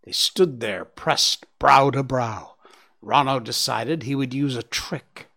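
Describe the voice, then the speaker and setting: A man narrating a story aloud in an expressive audiobook style. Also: medium pitch, slow pace, creaky.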